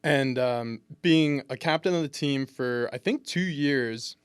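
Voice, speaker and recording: A man's voice: medium pitch, measured pace, clean tone, dry recording, studio quality. A man in his twenties, a pro football lineman, telling laid-back funny stories in an interview with lots of restarts. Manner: laid-back, humorous anecdotes with many restarts. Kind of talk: casual interview storytelling.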